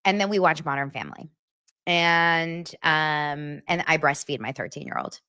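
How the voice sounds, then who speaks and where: A woman's voice: sits low, moderate pace, sharp tone, smooth, no room sound, studio quality. A woman in her forties hosting a casual livestream chat, laughing often and reading viewer comments aloud. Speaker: livestream host.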